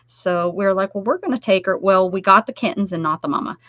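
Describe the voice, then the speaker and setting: A woman's voice: medium pitch, fast talker, pushed and bright, no echo. Chatty middle-aged woman streaming crafts from home, dull lo-fi mic, dry room. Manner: chatty, rambling, talks to viewers by name. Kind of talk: casual live-stream chat while crafting.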